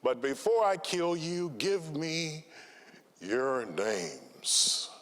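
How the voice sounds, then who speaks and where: A man voicing an adult male burglar, polite but ruthless, in a raised, excited tone. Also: very slow, heavily acted. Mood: menacing. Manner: high, excited and pleading. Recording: reverberant conference hall.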